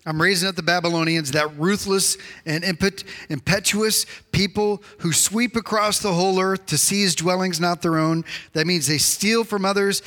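A man preaching a sermon, animated and acting out the voices he quotes. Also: fairly high pitch. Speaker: pastor. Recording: reverberant hall.

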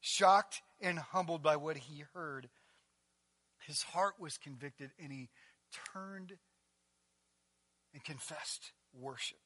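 High-voiced, bright, impassioned male preacher. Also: no room sound. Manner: impassioned, rises to near-shouting on emphatic passages. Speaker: pastor. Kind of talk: sermon.

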